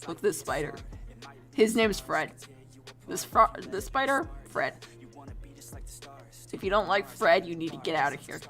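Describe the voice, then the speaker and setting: A woman's voice: on the low side, sing-song, measured pace, long pauses, a bit bright, faint music behind. A young woman chatting casually while she draws on stream, rambling, giggling and swearing offhand. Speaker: streamer drawing a storyboard. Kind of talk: casual chat while drawing.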